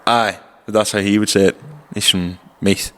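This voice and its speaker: Deep-voiced man, smooth. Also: level tone, a little slow, bright, forceful tone. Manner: rambling storytelling with swearing. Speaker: podcast co-host. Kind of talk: casual chat. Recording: long reverberant room.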